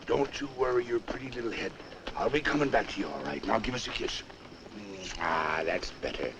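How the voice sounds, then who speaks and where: A man's voice: on the low side, brisk, background noise, natural voice. An actor playing a charming, hard-drinking older cavalryman who coaxes and wheedles. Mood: tender. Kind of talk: old film acting.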